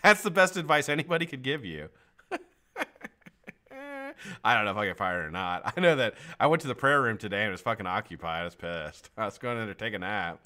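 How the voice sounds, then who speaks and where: A man's voice: lowish voice, lively intonation, a little fast, pushed and bright. A man hosting a casual live stream. He chats loosely, swears a lot and laughs often. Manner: profane, joking, laughs often. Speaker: livestream host.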